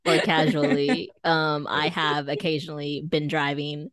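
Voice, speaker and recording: A woman's voice: low voice, level tone, measured pace, fairly bright tone. A woman co-hosting a podcast, chatting casually, asking questions and laughing often. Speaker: podcast co-host. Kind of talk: casual chat.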